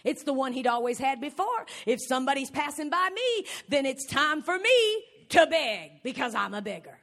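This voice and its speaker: A woman preacher delivering a sermon, emphatic and building up to shouts. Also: sits high, big pitch swings, moderate pace.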